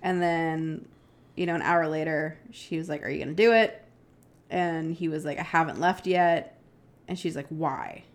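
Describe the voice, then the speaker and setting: Low-voiced woman telling a true-crime story. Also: steady tone, unhurried. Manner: chatty, many "like" and "um" fillers, quotes texts with "she goes". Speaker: podcast co-host.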